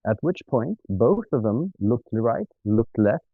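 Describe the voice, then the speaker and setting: A man, an interview guest, telling a funny travel story in a lively, self-mocking way and acting out the dialogue. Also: mid-range voice, moderate pace, gravelly, hardly any pauses, husky, dry recording. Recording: dry, tinny phone-like sound.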